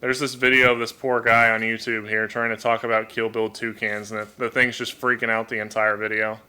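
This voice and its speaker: A man's voice: fairly low pitch, little pitch movement, brisk, a little hiss or hum. A man chatting casually on a live stream from his home at a desk microphone, talking about his birds, often repeating words as he thinks. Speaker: livestream host and toucan keeper. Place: home room.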